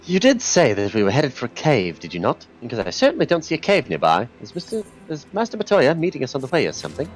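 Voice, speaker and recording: A man from Canada co-hosting a let's play on a headset mic, talking in a deadpan, literal way. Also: medium pitch, quick pace, hardly any pauses. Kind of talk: casual gaming chat. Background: game music.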